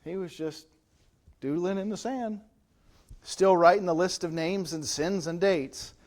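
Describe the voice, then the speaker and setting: A man's voice: sits high, unhurried, a little mellow. A man preaching as pastor in a church, teaching from the Bible in a conversational way and often checking in with rhetorical questions. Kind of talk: Bible study sermon.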